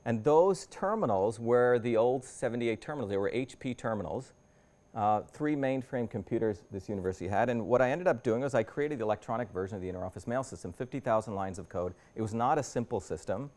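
A man in his fifties, invited to lecture at a university, speaks at medium pitch, a little fast, with a darkish tone. He walks the audience through his slides conversationally, often restarting and rephrasing.

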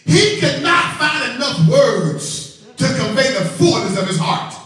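A male pastor preaching a sermon in a church, animated, repeating words and calling on church members by name. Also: very high voice, a little slow. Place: church sanctuary. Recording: echoey hall from far off, organ faint.

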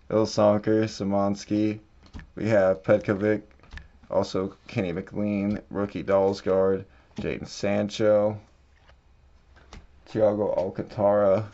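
A card-breaking channel host with a lowish, creaky voice slowly opens packs, quietly murmuring each card name as he flips, then shouting when a big hit appears. It's casual commentary with dull, low-fi sound.

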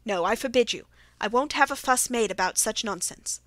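A stubborn older English gentleman waves away danger with scornful bluster, as a woman reads him. The voice sits fairly high. It is recorded close and dry, with no room sound. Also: moderate pace, dry recording, natural voice. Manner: dismissive, blustering.

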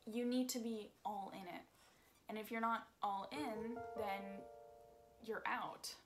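A candid young woman talking through her vlog in a casual, self-deprecating tone, her pitch sitting mid-range for a woman. Guitar music plays clearly underneath her voice. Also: steady tone, slow pace, fairly bright tone. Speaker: singer making a single.

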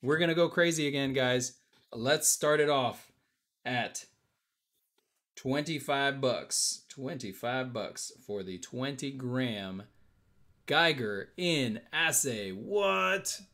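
A man's voice: mid-range voice, animated, takes it slowly, a bit bright. A man hosting a casual live-stream auction, calling out bids and chatting with viewers in an upbeat way. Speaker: auction host.

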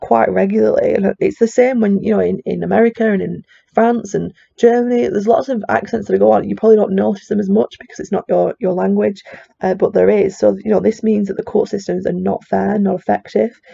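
A woman's voice: medium pitch, fairly even intonation, a little fast, creaky, dark tone, breathy edge, dull audio. A teacher, a woman with a broad Chorley accent, explains a research study in a chatty lecture with plenty of fillers. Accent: Chorley, Lancashire. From England.

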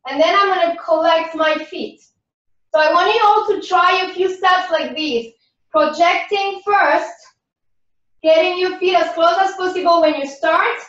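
A woman leading a dance class warm-up, giving calm, encouraging cues that sometimes turn sing-song. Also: extremely high pitch. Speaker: dance instructor. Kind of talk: guided warm-up class instruction. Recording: far-off echoey room, dull sound, music behind.

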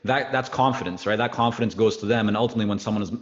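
A man hosting an interview, speaking in a measured, affirming way and summing up his guest's points. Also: fairly low pitch. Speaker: podcast host. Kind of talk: interview conversation. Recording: dull lo-fi audio.

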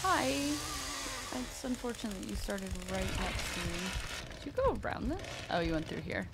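A woman giving playful, excitable gameplay commentary, swearing freely and shrieking at the game. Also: fairly high pitch, moderate pace, heavy background noise. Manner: playful sing-song greetings to other players. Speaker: gaming video creator.

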